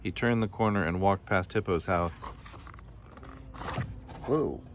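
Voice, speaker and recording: Low-voiced man reading a children's story. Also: steady tone, moderate pace, background noise. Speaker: storybook reader.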